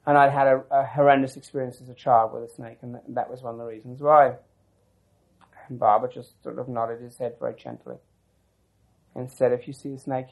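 A man recounting old memories in an oral-history interview, his voice sitting at an ordinary middle pitch. He wanders through the story with restarts and asides, reflective and unhurried. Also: expressive, low-quality recording.

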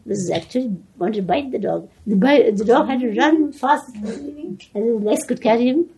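An older woman reminiscing in an animated way, often laughing and restarting her sentences. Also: on the high side, moderate pace, creaky, a little hiss or hum, poor audio. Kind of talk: reminiscing storytelling.

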